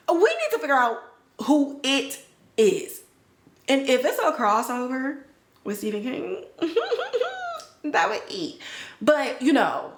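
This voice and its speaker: Slangy, animated woman podcast host. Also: mid-range voice. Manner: animated, slangy, acts out characters' lines. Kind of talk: casual recap chat. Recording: roomy echo.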